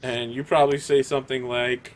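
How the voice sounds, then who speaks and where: A man's voice: medium pitch, little pitch movement, brisk, slight background noise. A young man as game master, chatting and acting out lines from the table. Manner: chatty, acts out quoted lines.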